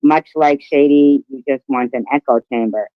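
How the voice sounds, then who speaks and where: A man's voice: mid-range voice, moderate pace, no room sound. A man co-hosting a livestream, reading viewer comments aloud in a mocking way. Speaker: livestream co-host reading chat. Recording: slightly muffled stream audio.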